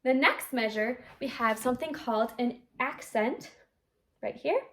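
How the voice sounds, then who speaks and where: A woman's voice: fairly high pitch, unhurried. A woman teaching flute, explaining articulations step by step and singing the syllables of each note. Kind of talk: instrumental music lesson. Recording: echoey room.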